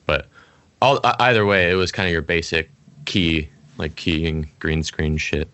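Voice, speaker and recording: A man's voice: very deep voice, a bit bright, clean tone. A young man in his twenties hosting a podcast over a video call, chatting casually, teasing and joking. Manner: joking, teasing, quick to laugh. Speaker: podcast host. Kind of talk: casual chat.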